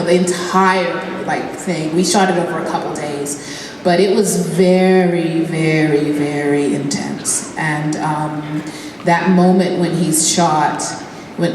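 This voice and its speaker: A woman on a convention panel, telling casual stories with lots of fillers and frequent laughter. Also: sits low. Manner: chatty, many fillers, laughs often. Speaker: actor on a fan convention panel. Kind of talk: casual anecdotal storytelling. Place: large indoor convention hall. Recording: echoey convention hall from far off, ambient noise.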